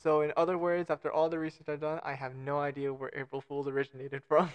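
A man's voice: fairly high pitch, flat delivery, fast talker, clear, resonant tone. A man co-hosting a casual podcast, reading out facts with self-mocking jokes and stumbling over foreign names. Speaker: podcast co-host.

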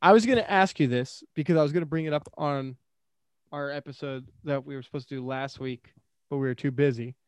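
A man co-hosting a podcast in casual chat, animated and joking, quick to jump in. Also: mid-range voice, clear, resonant tone, dry recording. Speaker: podcast co-host.

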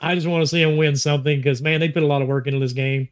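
A man's voice: fairly high pitch, fairly even intonation, racing. A man co-hosting a casual gaming chat, joking but earnest about games.

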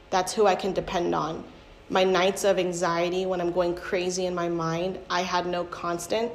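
With a creaky voice on the low side, a young woman gives her testimony candidly and conversationally, leaning often on filler words. The room echoes, and faint ambient noise sits in the background.

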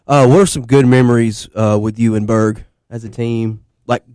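A man's voice: medium pitch, steady tone, moderate pace, warm tone, clear, resonant tone, no room sound, clean studio sound. A man hosting a podcast, asking loose, rambling interview questions. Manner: loose, restarts his questions. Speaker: podcast host.

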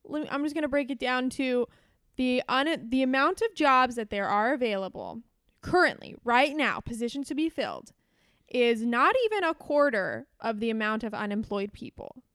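Chatty high-voiced woman podcast host. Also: animated, a bit bright, smooth, dry recording, clean studio sound. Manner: chatty, jokey, talks in quick asides. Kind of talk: casual chat.

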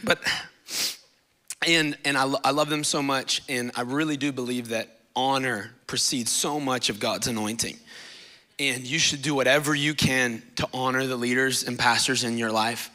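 Bright-voiced emotional young preacher. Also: male voice, mid-range voice, fairly even intonation, moderate pace. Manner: emotional, rambling, tearful at times. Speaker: guest preacher. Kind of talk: sermon. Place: church stage.

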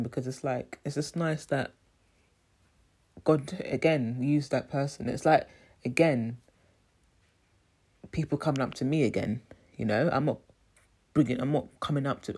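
A woman's voice: rumbling low, moderate pace, gravelly, pauses often, warm tone, husky. A woman telling a rambling story in a casual vlog and laughing often. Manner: chatty, rambling, laughs often, says "you know what I mean". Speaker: vlogger.

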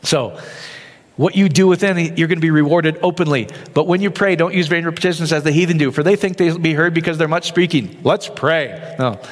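A man preaching a sermon, animated, often tossing rhetorical questions to the crowd. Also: a little high, brisk. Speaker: pastor. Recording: long hall reverb.

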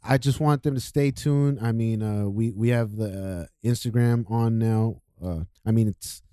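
A man hosting a podcast, speaking in a laid-back, halting way as he thanks the listeners. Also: fairly low pitch, warm tone, smooth, no room sound, studio quality. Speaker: podcast host. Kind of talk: casual podcast chat.

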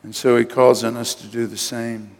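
A man's voice: mid-range voice, little pitch movement, normal speed, vocal fry. An older man preaching a sermon as pastor, emphatic and calling on his congregation to respond. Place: church sanctuary. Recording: long hall reverb.

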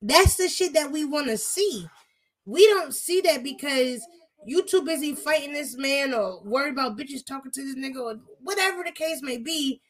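A woman's voice: high voice, lively intonation, normal speed. A young woman talking in casual podcast chat, blunt, profane and emphatic.

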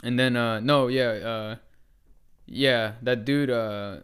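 A man's voice: mid-range voice, steady tone, takes it slowly, fairly bright tone, smooth. Rambling, swearing podcast guy. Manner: rambling, swears a lot, many fillers. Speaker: podcast co-host. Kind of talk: casual chat.

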